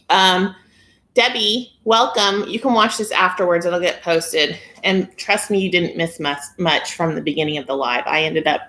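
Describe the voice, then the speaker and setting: Woman host, casual live-stream chat on a phone camera, chatty and giggly, slightly low voice. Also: fairly bright tone. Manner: chatty and giggly, reading viewer comments. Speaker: weight-loss vlogger hosting a live stream.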